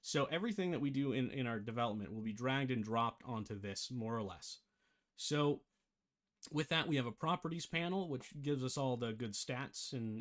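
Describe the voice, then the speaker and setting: A man talks through a software tutorial in a loose, casual way, thinking aloud and catching his own slips. His voice sits at an ordinary middle pitch. He has the hiccups. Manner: rambling, self-correcting, thinks aloud. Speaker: game development tutor. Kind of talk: casual screen-share tutorial.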